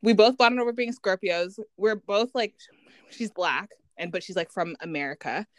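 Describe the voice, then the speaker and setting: In casual podcast chat, this thirties-aged co-host who grew up in Canada spins animated stories, mimicking the people she quotes and laughing a lot. Her voice is medium in pitch at a moderate pace, recorded without echo.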